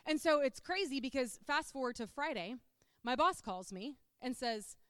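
A middle-aged woman giving a chatty, animated sermon-style testimony, full of "like". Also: sits high, moderate pace, clean tone, dry recording, studio quality.

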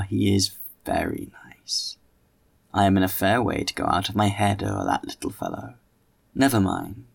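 A man voicing a fickle, passionate, gossipy young woman in an audiobook, speaking slowly and drawing out his words. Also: on the low side, creaky, full character voice. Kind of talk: audiobook character reading.

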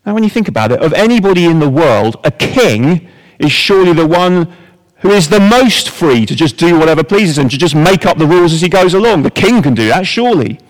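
A man's voice: on the high side, expressive, brisk, in a large hall, rough recording. A man giving a sermon to a congregation in a conversational, wry way, full of rhetorical questions. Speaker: preacher.

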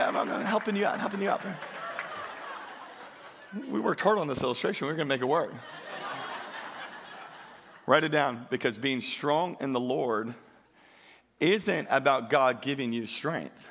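In a church sanctuary, a pastor with a medium-pitched, slightly bright voice preaches at a normal speed, animated and pausing often. He drives his sermon emphatically, calling the congregation to praise in call-and-response.

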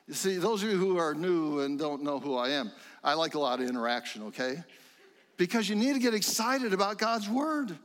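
A middle-aged man preaching a sermon in a church sanctuary, fervent and rising to excited exclamations. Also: high-pitched, normal speed, big-room sound. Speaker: pastor.

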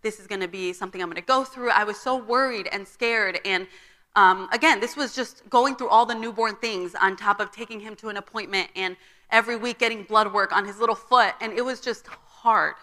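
A woman's voice: mid-range voice, brisk, bright, forceful tone. A young woman giving a personal testimony at a church conference, telling her story and acting out the dialogue. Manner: storytelling, acts out quoted dialogue. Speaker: conference speaker. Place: church auditorium. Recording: long reverb of a large hall.

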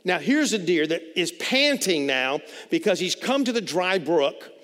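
A man preaches a sermon with a high voice, talking to the congregation conversationally and doubling back on his words as he builds each point. The recording carries a long reverb from a large hall. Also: big pitch swings, a little slow, a bit bright. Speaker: pastor.

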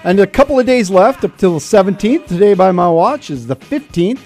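A man's voice: sits high, brisk, faint music behind. A man hosting a radio talk show, chatting and joking with a guest in the studio and reading station promos. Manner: animated, chatty and joking, with an upbeat announcer delivery on promos. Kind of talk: casual radio banter. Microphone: studio microphone.

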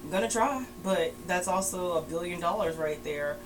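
A woman's voice: on the low side, normal speed, soft background music, rough recording. A woman co-hosting a casual wrestling podcast, making blunt, teasing quips. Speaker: podcast co-host.

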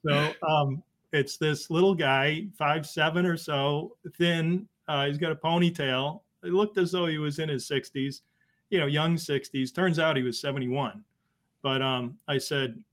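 Middle-aged man, guest telling a story, halting, emotional, restarts a lot. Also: fairly high pitch, steady tone, a bit bright. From Boston area. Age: 50s. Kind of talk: conversational storytelling.

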